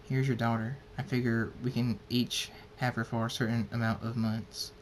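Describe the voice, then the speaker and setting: A man reading aloud as a torn, loving female unicorn pony, soft-spoken and gentle. He barely shifts from his own middle-pitched voice. A faint low rumble sits beneath. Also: level tone, moderate pace, lightly acted. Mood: tender. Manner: soft, plain read, barely changed from the reader's voice.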